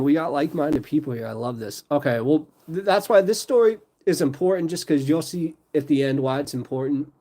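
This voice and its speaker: A livestream host and storyteller talks in a slightly high, dark-toned voice that is animated and brisk. He chats loosely with viewers, laughing often and drifting into rambling asides.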